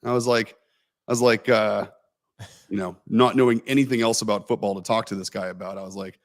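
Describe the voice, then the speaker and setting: A man's voice: fairly low pitch, steady tone, fairly quick. A man co-hosting a casual livestream, telling a long, rambling, self-mocking anecdote full of fillers and restarts. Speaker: co-host telling a story.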